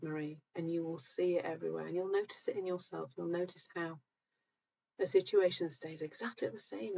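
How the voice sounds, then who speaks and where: A middle-aged woman hosts a live stream, answering viewers in a calm, gentle, reassuring way. Her lowish voice is husky with plenty of creaky fry, and she sounds somewhat tired. The sound is dull and lo-fi. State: tired, low energy. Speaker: host of a live session.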